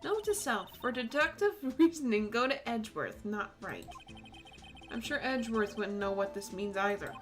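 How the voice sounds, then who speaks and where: A young woman giving casual, playful commentary while streaming a game, laughing often and throwing in mock cowboy yells. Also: on the high side, animated, moderate pace, soft background music. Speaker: gaming streamer. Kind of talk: casual let's play commentary.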